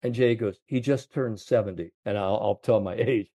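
A man in his seventies, a golf confidence coach, telling animated stories in an interview, full of "you know". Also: lowish voice, moderate pace, no room sound, clean studio sound. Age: 70s. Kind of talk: storytelling interview chat.

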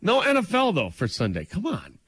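A slightly high-voiced man co-hosts a morning radio show, teasing his partner with a lively, wide-ranging delivery. The mic sound is dry and close. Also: brisk, husky, no room sound. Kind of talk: casual chat.

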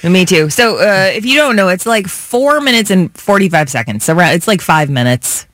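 Casting note: high-voiced male radio co-host, excitable, lots of quick interjections. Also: dry recording. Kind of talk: casual studio banter.

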